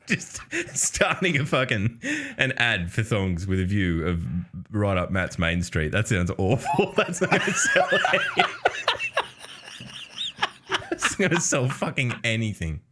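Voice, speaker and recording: Man, Australian accent, podcast co-host, very low voice, swearing, laughing often. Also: wildly swooping pitch, a little slow, a bit bright, a little hiss or hum. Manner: swears freely, laughs often, reads chat aloud. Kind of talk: casual gaming podcast banter.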